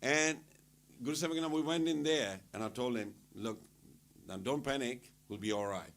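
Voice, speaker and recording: A man's voice: mid-range voice, moderate pace. A man telling funny travel stories at a temple gathering, laughing often and acting out what people said. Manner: animated, laughing anecdotes with acted-out quotes. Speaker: temple speaker. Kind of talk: casual storytelling talk.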